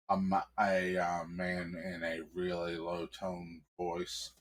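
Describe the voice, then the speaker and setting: Slow, deep-voiced male storyteller. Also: level tone. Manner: casual, halting, full of ums. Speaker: streamer and storyteller. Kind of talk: improvised storytelling.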